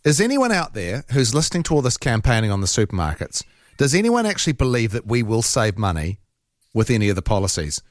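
A New Zealand man hosts a talkback radio show, chatting loosely with plenty of restarts and fillers. His pitch moves about a lot. The studio sound is dry and close. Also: wildly swooping pitch, fast, dry recording. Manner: chatty, hesitant, laughs easily. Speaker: radio talk show host.

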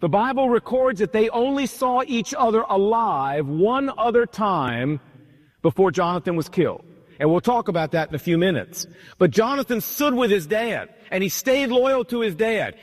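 A man pastor preaching a sermon, retelling a story with animated, emphatic repetition, in a church hall. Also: high voice, normal speed. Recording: long hall reverb.

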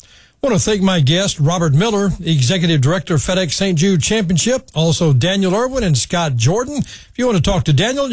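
A man with a high-sitting voice hosts a radio talk show, chatting with guests and reading out credits and phone numbers in a friendly way. The recording has no echo.

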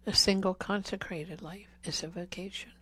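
At a healing service, a woman gives an earnest Catholic talk to a congregation, pleading through repeated questions and dropping to a whisper on key words. Her voice is lowish and husky with a sharp tone, fairly even intonation, and normal speed.

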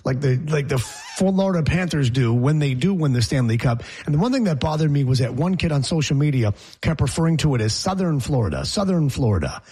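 A man's voice: fairly high pitch, expressive, a little fast, hardly any pauses, warm tone, breathy edge. A man hosting a sports talk show, opinionated and rambling as he jokes through the banter.

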